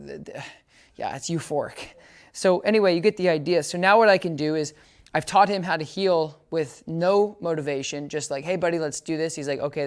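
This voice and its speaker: Casual man teaching dog training. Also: clear, resonant tone. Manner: casual, explains while working a dog, sharp high praise commands. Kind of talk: hands-on training demonstration.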